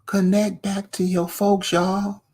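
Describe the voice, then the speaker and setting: Here a man with a fairly high, slightly rough voice and a darkish tone delivers a slow, flat rant to the camera. As an online commentator, he confronts the viewer directly with rhetorical questions.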